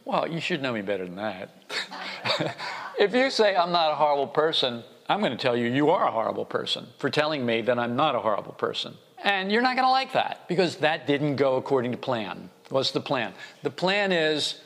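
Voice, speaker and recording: A man's voice: medium pitch, big pitch swings, normal speed, vocal fry, a bit bright. A man preaching a conversational, wry sermon, often acting out the voices he quotes. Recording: long reverb.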